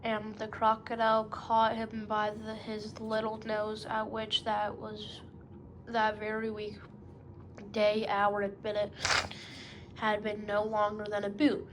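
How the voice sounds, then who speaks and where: A woman's voice: medium pitch, completely flat delivery, takes it slowly, background noise. A woman storyteller narrating a children's story, calling the listener "best beloved".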